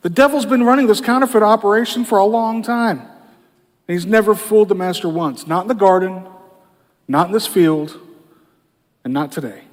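At a moderate pace and with plenty of pauses, a male pastor explains his points in a casual sermon, often slipping in "you know." His pitch is high for a man, and the large church hall adds a long reverb.

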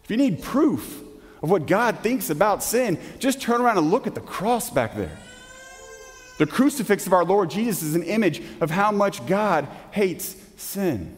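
A man preaching a sermon as pastor in a church, emphatic, asking rhetorical questions and dropping suddenly to a hush. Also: high voice, sing-song, moderate pace. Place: church sanctuary. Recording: long hall reverb.

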